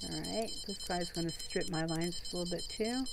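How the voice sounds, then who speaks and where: A woman with a slightly low voice chats her way through a fishing game stream, rambling easily to her viewers. She talks from a room at home, with a faint hiss behind her. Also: brisk. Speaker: gaming streamer. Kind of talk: casual gameplay commentary.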